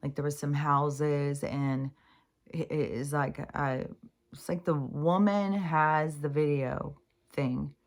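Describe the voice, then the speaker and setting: A middle-aged woman with a low-pitched voice talks in a loose, rambling vlog monologue. She fills her speech with ums, likes and restarts, and swears freely. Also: fairly even intonation, takes it slowly. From Pacific Northwest US. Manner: rambling, profane, many fillers and restarts. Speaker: spiritual vlogger.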